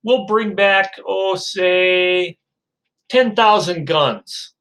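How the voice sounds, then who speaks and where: A man's voice: high voice, extremely slow, a bit bright, voice pushed up, exaggerated voice. A man voicing a brash, streetwise male gun dealer who pushes a deal in a swaggering, slangy way.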